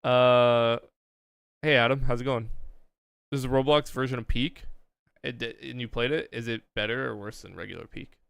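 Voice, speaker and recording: Gravelly, crisp-voiced young streamer guy. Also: mid-range voice, moderate pace, dry recording. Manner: relaxed, chatty, thinking aloud. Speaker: streamer host. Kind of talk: casual livestream chat.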